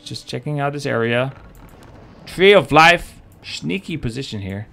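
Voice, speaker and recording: A man's voice: mid-range voice, lively intonation, unhurried, vocal fry, sharp tone, soft background music. A man casting a live strategy game match, joking and chatting with his viewers. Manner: joking, chatty, talks to the chat. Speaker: game caster. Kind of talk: live esports commentary.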